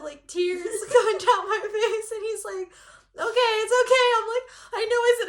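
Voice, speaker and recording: Chatting casually, this cross-stitch channel co-host from Southern California laughs through a story and acts out quotes. Her voice is very high-pitched and a little fast, recorded in an echoey room.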